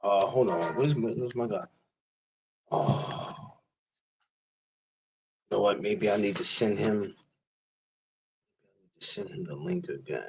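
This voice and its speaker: A man's voice: lowish voice, slow pace, creaky, pauses often, poor audio. A man hosting a boxing podcast, chatting loosely with his audience in slangy greetings and asides. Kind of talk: casual livestream podcast chat.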